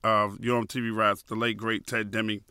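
A man in his fifties hosting a podcast, telling a story in a loose, animated way with slang. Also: lowish voice, normal speed, smooth, no echo, studio quality. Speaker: podcast host. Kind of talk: casual storytelling.

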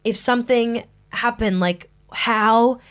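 A woman's voice: on the high side, fairly even intonation, slow, a bit bright, clean tone. A young woman co-hosting a podcast, gushing and rambling in casual chat with many fillers. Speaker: podcast co-host.

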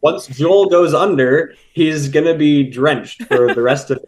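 A young man being interviewed as an actor guest, relaxed and laughing, with halting fillers. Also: on the high side. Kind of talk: casual interview.

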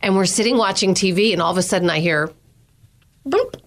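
Lively, animated woman storyteller. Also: medium pitch, brisk. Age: middle-aged. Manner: animated storyteller, laughs often, acts out voices. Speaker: co-host. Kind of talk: casual banter.

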